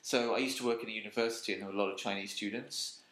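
A man's voice: on the low side, steady tone, rapid-fire, fairly bright tone. A man co-hosting a podcast in casual chat, jokey, laughing often and swearing. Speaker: podcast co-host. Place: apartment. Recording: echoey room.

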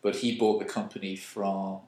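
A man's voice: deep voice, level tone, normal speed, a little mellow. A man chatting casually on a podcast, teasing and playfully ranting. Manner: jokey, teasing, mock-outraged rants. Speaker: podcast co-host. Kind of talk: casual chat. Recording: roomy echoey sound.

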